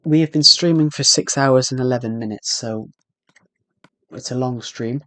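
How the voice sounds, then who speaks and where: A man's voice: mid-range voice, moderate pace, bright, forceful tone. A man with a British accent chats loosely to his viewers on a long game livestream, drifting between comments and muttering to himself about what he's doing. His voice sits in a middle range. The sound is dry and close, with no room echo. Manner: rambling, chatty, talks to himself while playing. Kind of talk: casual gameplay livestream chat.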